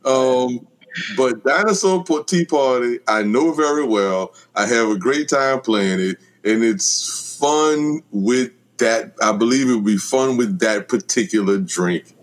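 A man talking in an unhurried, easygoing way in a casual group chat. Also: medium pitch. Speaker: panelist.

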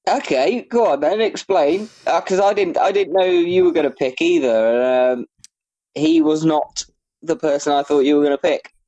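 A man's voice: fairly high pitch, big pitch swings, moderate pace, dark tone, dry recording. A man co-hosting a casual film review podcast, mostly giving short laid-back replies with the odd crude joke. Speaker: podcast co-host.

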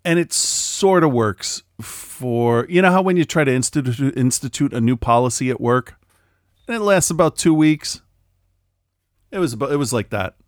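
A man's voice: medium pitch, lively intonation, normal speed, no room sound, clean studio sound. A middle-aged man in casual chat, ranting with lots of swearing and mimicking people he quotes.

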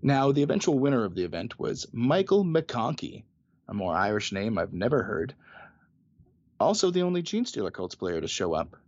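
Co-host dude, dry teasing jokes, kinda dull lo-fi dead-sounding mic. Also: male voice, mid-range voice, big pitch swings, moderate pace, a little mellow, no room sound. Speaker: podcast co-host.

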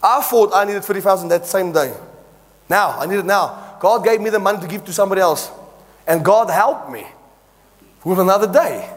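A man's voice: high-pitched, big-room sound. A man preaching a sermon as he tells a story, acting out the dialogue with laughing asides.

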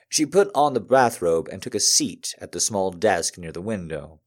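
A man reading a romantic story aloud to an audience in a calm, measured way with soft pauses. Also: low-pitched.

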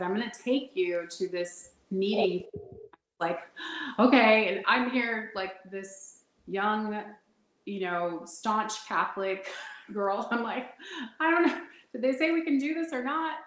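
A woman guest telling personal stories in a conversation, animated and laughing often as she acts out what people said. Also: medium pitch, reverberant, low-quality recording. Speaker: intuitive guest. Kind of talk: storytelling in a conversation.

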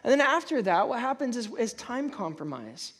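Animated pastor preaching a sermon. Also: moderate pace, breathy edge. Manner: animated, jumps high to act out inner voices; repeats and restarts words while preaching.

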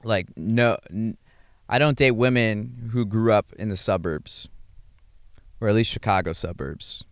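A young adult man talking casually about his dating life, halting often with fillers and restarts and chuckling between thoughts. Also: fairly low pitch, no echo, clean studio sound. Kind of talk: casual rambling monologue.

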